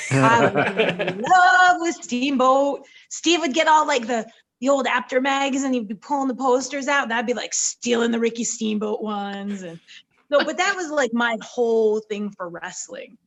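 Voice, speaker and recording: A woman, a pro wrestler, telling lively stories in a casual podcast interview and acting out the quotes. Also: on the high side, normal speed. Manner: lively storyteller, acts out quotes.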